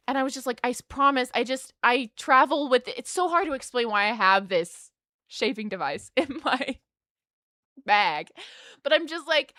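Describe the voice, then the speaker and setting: A woman streamer telling a story casually to her live chat, animated and rambling, laughing often. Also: sits high, moderate pace, no echo, clean studio sound.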